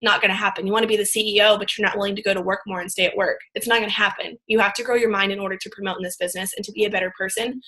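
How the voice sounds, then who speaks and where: A woman talks casually to her viewers, filling her sentences with "like" and "um". Her voice is bright and sits at an ordinary pitch. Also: steady tone, very fast, few pauses, poor audio. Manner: chatty, full of fillers like "like" and "um". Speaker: vlogger.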